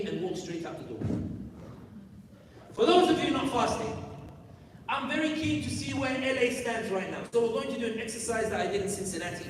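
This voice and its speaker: Heard from far off in the echo of a large conference hall, a man with a voice that sits high gives an emphatic live talk at a youth conference. Over background noise, he fires off rhetorical questions and directs the crowd.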